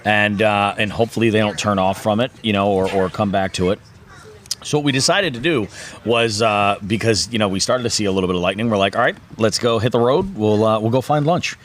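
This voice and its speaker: A man's voice: on the low side, a little fast, a bit bright, slight background noise. A man hosting a fishing podcast in casual chat, rambling along with many fillers and restarts.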